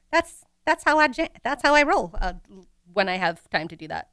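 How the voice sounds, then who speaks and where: A woman's voice: sits high, sing-song, moderate pace, fairly bright tone, no room sound, studio quality. A woman co-hosting a casual book podcast, chatty, giggly and self-deprecating.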